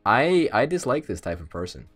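A man's voice: mid-range voice, sing-song, normal speed, over music. A man hosting a let's play, bantering casually and swearing freely in mock outrage on a voice call.

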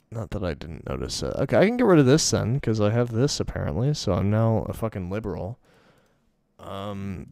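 A man's voice: on the low side, creaky, warm tone, no echo. A young man giving casual, profane, rambling commentary while playing a game, mocking himself as he goes. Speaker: gaming video host.

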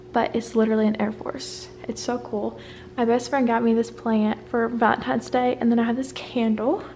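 Young woman rambling thru her apartment tour on her phone, kinda breathless, a bit high pitched. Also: darkish tone, a little hiss or hum. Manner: chatty and bubbly, rambling asides. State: slightly out of breath. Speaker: vlogger. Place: small apartment indoors.

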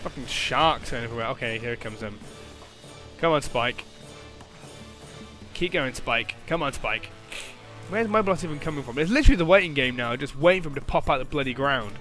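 A young man giving excitable gameplay commentary, swearing and shouting at the game. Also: medium pitch, a little fast, long pauses, soft background music. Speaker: gaming commentator.

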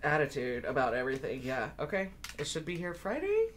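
A woman's voice: low-pitched, huge pitch swings, fairly quick, slight background noise. A woman co-hosting a live game stream, chatting casually and rambling with lots of fillers. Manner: rambling, many "like" fillers, laughs often. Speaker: co-host of a board game stream.

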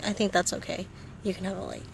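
A woman's voice: on the low side, huge pitch swings, quick pace, creaky. A woman chatting playfully and teasing her partner while vlogging from a car. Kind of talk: casual vlog chat. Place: car and store. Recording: noisy car and street recording.

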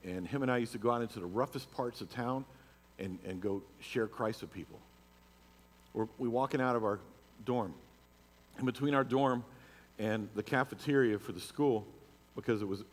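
A man's voice: fairly low pitch, long reverb tail. A middle-aged man preaching a sermon, moving from personal storytelling into emphatic declarations. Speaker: pastor. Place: church sanctuary.

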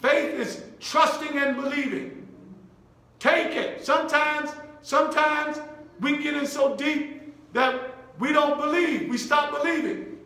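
A man's voice: very high-pitched, steady tone, slow pace, creaky, pushed and bright. A man preaching a sermon as bishop, repeating short commands and checking in with the congregation in call-and-response. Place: church sanctuary. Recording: very echoey church room.

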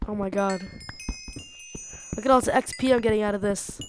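A young woman giving casual gameplay commentary, excitable and talking to herself, swearing and laughing often. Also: mid-range voice, fairly quick, slight background noise. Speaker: gamer.

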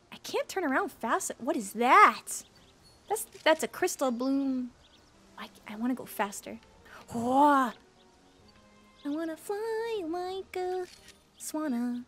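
A woman with a high voice gives let's-play commentary in an unhurried way. She gushes and squeals over cute creatures and tosses in silly jokes, with game music playing faintly under her. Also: fairly bright tone. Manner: silly joking asides. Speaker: gaming streamer.

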